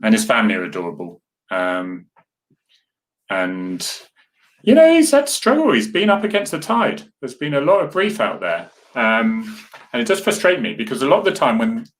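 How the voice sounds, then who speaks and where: A man's voice: lowish voice, a bit bright. A man hosting a casual live chat, talking earnestly and rambling as he answers viewer comments. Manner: rambling, earnest, with many restarts and asides to viewers. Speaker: host.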